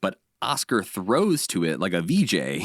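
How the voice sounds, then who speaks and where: A man's voice: low voice, wildly swooping pitch, measured pace, no room sound, clean studio sound. A man co-hosting a podcast, chatting casually and laughing easily as he recaps episodes. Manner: easygoing, laughs often. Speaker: podcast co-host.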